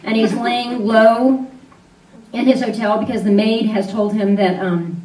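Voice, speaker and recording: A woman's voice: fairly high pitch, steady tone, a little slow, darkish tone. A woman on stage in an arts venue, telling a personal story live, candid and conversational with frequent fillers. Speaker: storyteller and event host. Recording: roomy hall sound, voice from a distance.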